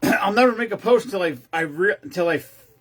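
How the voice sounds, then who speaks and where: A man's voice: sits high, expressive, quick pace, a bit bright, breathy edge. A man hosting his own show, telling a long-winded, rambling story casually with lots of restarts. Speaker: host of a veteran care-package group.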